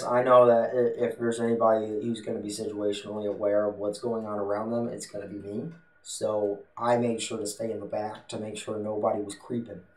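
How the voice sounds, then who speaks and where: Blunt, profane man in an echoey room. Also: mid-range voice. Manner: blunt and profane, swears freely. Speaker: vlogger. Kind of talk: casual storytelling to camera. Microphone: desktop USB mic. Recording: echoey room, distant from the mic.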